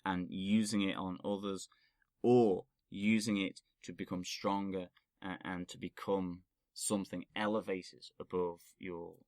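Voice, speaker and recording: A man's voice: low voice, flat delivery, measured pace, a little mellow, no echo. A man co-hosting a film review podcast, talking in a rambling, casual way with frequent restarts. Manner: rambling, restarts phrases, laughs easily. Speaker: podcast co-host.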